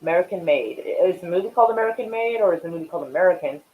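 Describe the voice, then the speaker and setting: A man's voice: sits high, lively intonation, rapid-fire, phone-quality sound. A man hosting a casual live stream and chatting with viewers, rambling and swearing while he smokes. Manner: rambling and profane, many fillers; smoking while talking.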